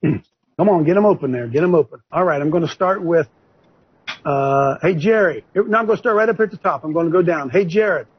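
A man leading a preaching-style group discussion on a video call, addressed as coach, animated and repetitive as he calls on listeners one by one. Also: fairly high pitch, brisk, a little hiss or hum. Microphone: video call microphone. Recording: muffled video call audio.

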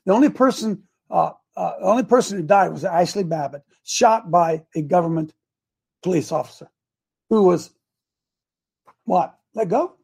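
A man's voice: high-pitched, moderate pace, vocal fry, pauses often, darkish tone, breathy edge. A man hosting a live show, talking like a preacher and repeating himself for emphasis. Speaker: host. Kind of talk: live stream talk.

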